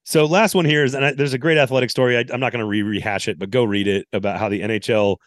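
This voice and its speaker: A man's voice: mid-range voice, steady tone, fast talker, no room sound, clean studio sound. A man hosting a casual sports podcast, laid-back and wry, with plenty of ums and uhs. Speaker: podcast host.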